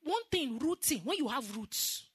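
This woman preacher, Nigerian-accented, sounds high-pitched and very animated, moving a little slowly through an emphatic sermon. She prompts the congregation to repeat after her, call-and-response style. It's a dry, studio-quality recording.

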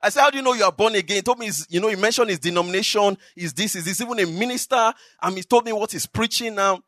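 Nigerian guy preaching, chatty storytelling, bit high voice. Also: fast talker, dry recording, clean studio sound. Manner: animated storytelling with laughter. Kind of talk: sermon testimony. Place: church.

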